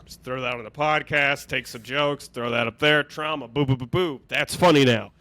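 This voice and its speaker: A young man co-hosting a podcast in casual comedic chat, joking and slipping into high, exaggerated voices when quoting people. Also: moderate pace, bright, forceful tone. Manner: jokey, slips into exaggerated high voices for quotes. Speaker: podcast co-host.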